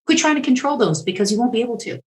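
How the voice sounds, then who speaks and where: A woman's voice: on the high side, big pitch swings, very fast, reverberant. A woman who works as an on-camera confidence consultant, a guest speaking casually in an upbeat, encouraging coaching tone. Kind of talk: casual interview chat.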